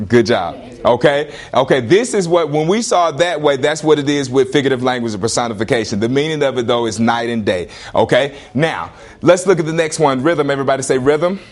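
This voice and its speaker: A man teaching a classroom lesson, questioning students and repeating prompts in an animated way. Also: medium pitch, a little fast, hardly any pauses.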